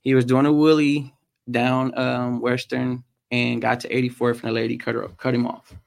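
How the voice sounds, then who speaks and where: A man, a podcast guest, telling a personal story in a halting way with frequent pauses and "um"s. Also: medium pitch, level tone, vocal fry. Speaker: podcast guest, motorcycle racer.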